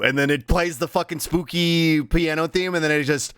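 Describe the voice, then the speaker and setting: A man streaming live and chatting casually with his viewers, animated and laughing loudly, now and then slipping into quick character voices. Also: fairly high pitch, dry recording, studio quality.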